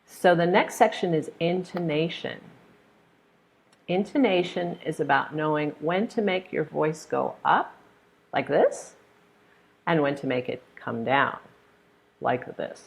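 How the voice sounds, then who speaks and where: A woman's voice: deep voice, measured pace, vocal fry. An American woman teaching pronunciation in a live online lesson, patiently demonstrating intonation with examples. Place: hot room.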